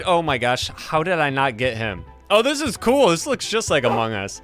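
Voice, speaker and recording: A young man commentating a game with a high, bright voice that leaps up and down as he gets excited. He teases and trash-talks the other players, laughs a lot, and now and then shouts at them. Faint music plays behind him. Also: moderate pace, few pauses. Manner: energetic, laughing, trash-talking teammates. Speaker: gaming YouTuber.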